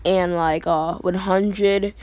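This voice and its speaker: A woman voicing an overpowered young male hero who boasts calmly, halting with fillers and restarts. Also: lowish voice, no echo. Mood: boasting.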